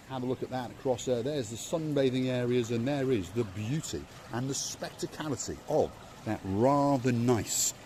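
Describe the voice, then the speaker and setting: A man's voice: medium pitch, mellow, a little hiss or hum. Chatty man giving a hotel tour. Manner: chatty, playful, theatrical. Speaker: vlog host. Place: outdoors and indoors at a hotel.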